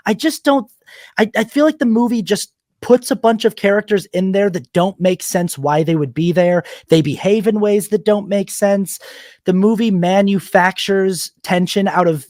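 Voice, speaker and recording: A man with a high voice talks films in a relaxed, animated way. He slips into quick put-on voices to act out scenes, recorded close and dry. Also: dry recording. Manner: animated, acts out lines of film characters in quick voices. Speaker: podcast co-host. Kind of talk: casual film discussion.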